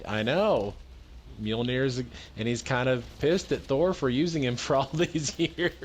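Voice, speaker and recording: A man hosting a geek news podcast, going through the news in a calm, matter-of-fact casual chat with dry humor. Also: mid-range voice, normal speed, slight background noise. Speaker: podcast host presenting news.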